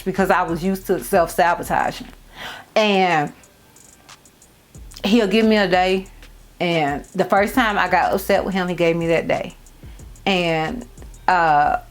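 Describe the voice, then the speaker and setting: A woman in her thirties telling viewers a personal story while getting ready, heartfelt and repeating phrases for emphasis. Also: medium pitch. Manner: addresses viewers as y'all and girl. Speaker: beauty vlogger. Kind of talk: casual storytime chat.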